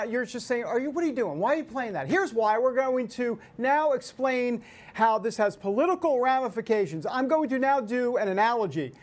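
A man in his forties hosting a casual news chat show, joking, laughing often and wandering into asides. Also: very high voice. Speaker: show host.

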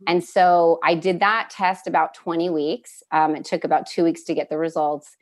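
A woman's voice: fairly low pitch, level tone, normal speed. A young woman telling a painful personal story as a guest, candid and earnest, with many fillers and restarts. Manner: emotional at moments, with nervous laughs.

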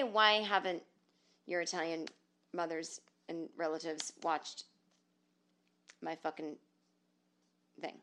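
Sarcastic, profane woman podcaster, lowish voice. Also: slow pace, long pauses. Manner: profane, sarcastic, animated storytelling. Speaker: podcast host and comedian. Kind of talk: solo comedy podcast monologue. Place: at home.

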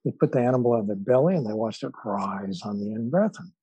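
A man, an author and guest, telling stories in an interview in a measured way with frequent fillers. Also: fairly low pitch, expressive, warm tone, husky, no room sound, dull audio. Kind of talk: storytelling in an interview.

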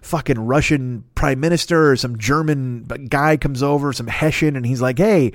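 A man's voice: mid-range voice, normal speed, no echo. A man in his fifties, a podcast host, delivering a profane, rambling comedic rant that keeps interrupting itself. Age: 50s.

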